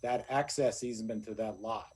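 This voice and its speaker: A man's voice: lowish voice, fairly even intonation, normal speed, a little mellow, husky. A man on a city planning commission arguing a point in a meeting, rambling with many fillers. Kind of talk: meeting discussion.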